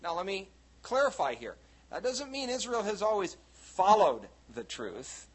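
A man's voice: sits high, very animated, a little slow, breathy edge. A man preaching a sermon to his congregation in a folksy, conversational way, with many fillers and asides. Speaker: pastor. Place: church hall before a congregation.

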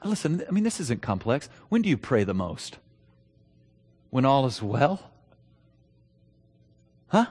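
A man's voice: medium pitch, sing-song, measured pace, pauses often, a little mellow, husky, in a large hall. A middle-aged man preaching a sermon, telling a story in a loose, conversational way and then building to emphatic preaching. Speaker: pastor.

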